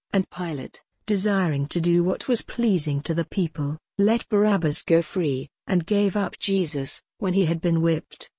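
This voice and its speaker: A woman giving a measured, deliberate reading of scripture aloud. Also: on the low side, warm tone, breathy edge, no echo, clean studio sound.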